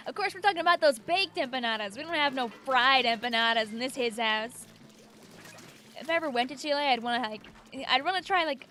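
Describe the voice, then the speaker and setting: High-voiced chatty woman with a Long Island accent. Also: sharp tone, slight background noise. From New York, USA. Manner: chatty and rambling, answers chat messages aloud. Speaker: streamer. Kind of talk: casual livestream chat while gaming.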